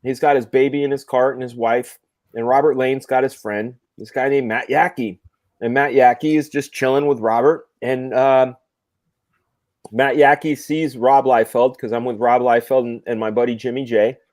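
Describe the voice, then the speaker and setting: A man's voice: mid-range voice, steady tone, moderate pace, darkish tone, no echo, clean studio sound. A man hosting a casual chat, telling rambling, joking stories with the odd swear word. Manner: loose, swearing, laughing anecdotes. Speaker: show host, comic artist.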